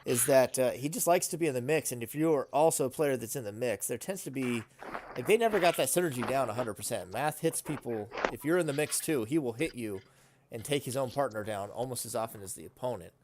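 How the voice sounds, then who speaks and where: A man in a casual online gaming chat, talking in a measured way and weighing players' strengths with hedged opinions. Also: mid-range voice, a little mellow, a little hiss or hum. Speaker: co-commentator.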